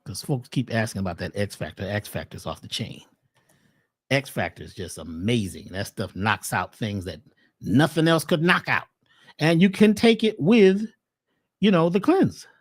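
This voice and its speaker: Rhetorical questions fly as a man with a mid-range, slightly breathy voice offers herbal health advice. His casual livestream delivery is animated and preachy.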